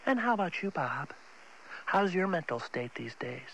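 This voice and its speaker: A man voicing a calm female talk-show interviewer who asks gentle, measured questions. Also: a little high, a little hiss or hum, pitched below the performer's own voice, rough recording. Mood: soothing.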